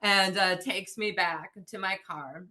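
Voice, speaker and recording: A young woman from the Midwest, a podcast guest on a video call, telling a story with animated, profane quoting of herself. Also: medium pitch, slow pace. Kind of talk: storytelling in casual chat.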